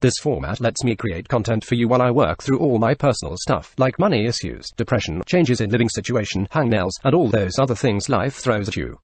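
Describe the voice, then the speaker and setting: A male text-to-speech robot voice reading forum questions and answers in an even, synthetic way. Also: medium pitch, a little fast, hardly any pauses, breathy edge, dry recording. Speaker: video narrator. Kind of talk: reading forum posts aloud.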